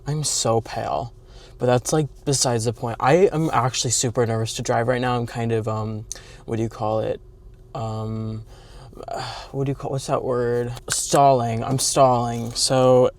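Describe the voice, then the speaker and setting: A man's voice: mid-range voice, creaky. Chatty campy young man vlogging. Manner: chatty, dramatic, campy storytelling. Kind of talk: casual storytelling vlog. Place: in a car.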